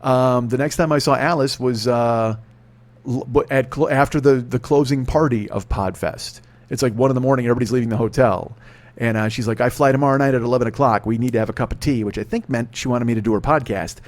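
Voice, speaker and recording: A man in his forties talks through a solo podcast monologue at a quick clip, with his voice sitting in an ordinary middle pitch. He swears freely, rants, and pokes fun at himself while telling stories. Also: a little mellow. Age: 40s. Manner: profane, ranting, self-mocking storyteller. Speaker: podcast host.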